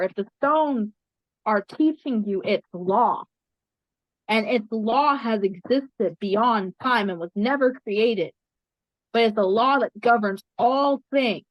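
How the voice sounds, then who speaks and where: A woman's voice: a little high, no echo. A woman guest in an interview, earnestly recounting a spiritual experience and repeating phrases for emphasis. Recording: dry, slightly muffled sound.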